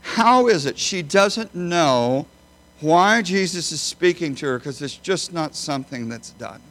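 A man preaching a sermon as a pastor, emphatic, swinging between loud high bursts and quiet low phrases. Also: animated, unhurried. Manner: emphatic, with big swings in pitch and loudness.

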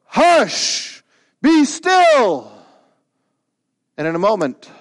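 A man preaching a sermon, animated, who acts out the quoted lines with big jumps in his voice. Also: a little high, dry recording, studio quality. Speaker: pastor.

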